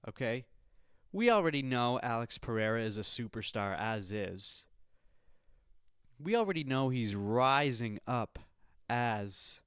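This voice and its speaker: A man hosting a podcast in casual chat, excitable and swearing freely, calling the listener dude. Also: medium pitch, clean tone, dry recording, studio quality. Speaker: podcast host.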